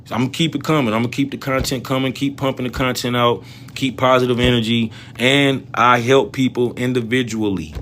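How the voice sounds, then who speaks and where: Animated slangy man hosting a trading livestream. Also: mid-range voice, a little fast, a little hiss or hum. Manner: animated, slangy, talks straight to viewers. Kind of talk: casual livestream chat about stock trading.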